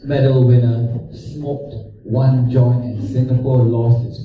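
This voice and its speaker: Distant ranting stand-up comedian. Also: male voice, mid-range voice, little pitch movement, slow pace, muffled recording. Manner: ranting, profane. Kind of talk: stand-up routine. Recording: very echoey room from far off.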